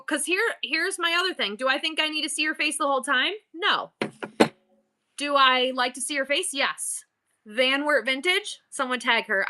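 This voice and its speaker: A high, sharp-toned voice belongs to a middle-aged woman hosting a live-selling stream. Bubbly and playful in an exaggerated customer-service voice, she rambles between topics in casual livestream chat.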